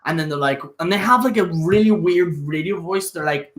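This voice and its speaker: A man's voice: a little high, a little fast, hardly any pauses, fairly bright tone. Rambling sweary young man. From Northern Ireland. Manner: rambling, sweary, full of fillers. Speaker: host. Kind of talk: casual solo livestream chat.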